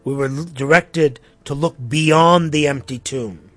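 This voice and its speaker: Husky-voiced male preacher, conversational. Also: a little high, a little slow, soft background music. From Armenian community in the US. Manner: conversational, with asides and restarts. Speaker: pastor. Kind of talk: reflective sermon talk.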